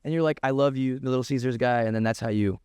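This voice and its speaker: A man's voice: medium pitch, fast, darkish tone, clean tone, dry recording, studio quality. A man in his twenties, a comedian guest, joking in brash casual banter. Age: 20s. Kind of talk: casual chat.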